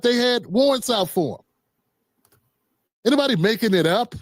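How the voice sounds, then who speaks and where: A man's voice: extremely high pitch, lively intonation, moderate pace, no room sound. Sarcastic man with a dry sound. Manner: sarcastic, joking storyteller, slangy. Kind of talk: live-stream commentary.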